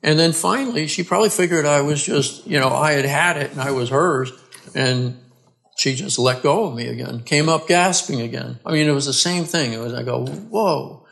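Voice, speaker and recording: A man, a podcast guest, earnestly telling his own story in a halting way, restarting and repeating words. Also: on the high side, gravelly, fairly bright tone. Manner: earnest and plain-spoken. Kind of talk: conversational storytelling.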